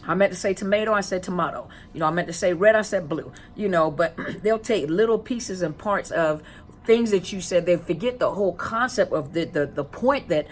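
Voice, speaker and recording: A woman on the low side, talking a little fast, gives viewers a casual educational talk as a counselor and coach on narcissistic abuse. Conversational, she asks many rhetorical questions, repeats phrases, and stalls with fillers when searching for words.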